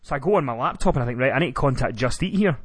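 Animated swearing man telling a story. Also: medium pitch, racing, slightly rough, no echo. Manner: animated, profane, comic exasperation. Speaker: podcast host. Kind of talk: storytelling rant.

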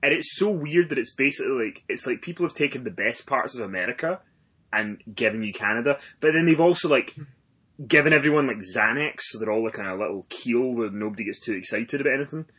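A young man co-hosting a podcast, telling rambling profane stories in a husky voice. His pitch swings widely and his tone is bright and forceful. He bursts into loud rants now and then. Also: fast. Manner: profane, animated storytelling with sudden shouted outbursts. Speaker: podcast co-host. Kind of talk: casual podcast chat.

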